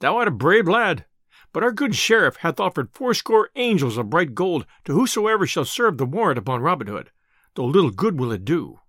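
A man reading aloud, voicing a flattering male messenger in an audiobook tale. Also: a little high, normal speed, dry recording, studio quality. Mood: coaxing.

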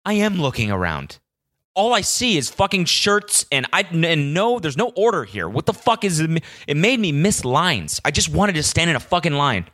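A man's voice: fairly high pitch, sing-song, normal speed, bright, forceful tone, no echo, clean studio sound. A man hosting a solo podcast, telling a story as an exasperated rant full of swearing. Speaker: podcast host.

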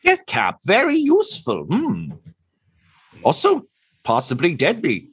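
A shrill, fussy bird-creature doctor, his voice leaping high and swooping through its lines. He calls himself "this one" and keeps humming "hmm" between questions, in a dry, close tabletop-game recording. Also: wildly swooping pitch, unhurried, a bit bright, breathy edge, dry recording, exaggerated voice. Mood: inquisitive. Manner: refers to himself as "this one", hums "hmm" often. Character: tall spindly male bird-creature doctor, inquisitive.

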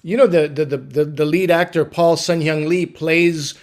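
A male comedian with a somewhat high voice. He reasons aloud thoughtfully, laying out his points one at a time in a casual panel chat. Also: fairly even intonation, moderate pace. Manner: thoughtful, building points step by step. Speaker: comedian guest.

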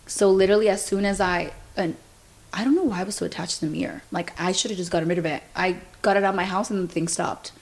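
Speaking quickly in a lowish voice, a young woman hosting a podcast tells a story in a chatty, casual way. "Like" fills her speech, and she relays events through quoted dialogue.

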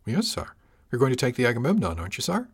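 A man's voice: medium pitch, huge pitch swings, fast talker, slightly rough, full character voice. A man voicing an eager young male crewman who politely calls everyone sir, in an audiobook reading. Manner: polite, says sir constantly.

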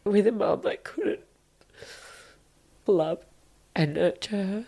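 Speaking slowly at medium pitch, a woman in her thirties brings a dark tone and vocal fry to a candid podcast interview. She is emotional and confessional, swearing sometimes and sinking into a whisper.

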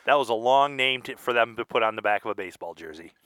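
A man's voice: mid-range voice, animated, quick pace, bright, forceful tone, no room sound, studio quality. A man co-hosting a podcast, joking around and playing confused in a rambling way. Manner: jokey, rambling, mock-confused. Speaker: podcast co-host. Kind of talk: casual chat.

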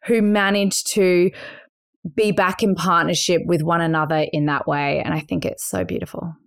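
A woman's voice: lowish voice, fairly even intonation, normal speed, vocal fry. A woman with an Australian accent co-hosting a podcast, talking in an effusive, enthusiastic way. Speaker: podcast co-host. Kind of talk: casual chat.

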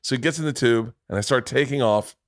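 A podcast host from Florida tells a story in a loose, profane, rambling way, often interrupting himself. His mid-range voice moves at a quick pace, and the recording is dry with clean studio sound. It's a casual storytelling chat.

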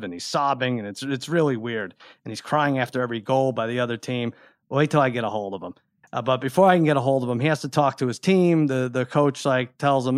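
A middle-aged man on a podcast, telling a story in an animated, exasperated way. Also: mid-range voice, brisk, no room sound, clean studio sound. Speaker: podcast co-host. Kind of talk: casual chat.

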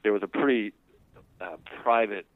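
A man with a very low voice tells a long personal story to an interviewer, wandering and conversational. The line is tinny and phone-like, with a dry sound and no room echo. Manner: rambling, conversational and unhurried.

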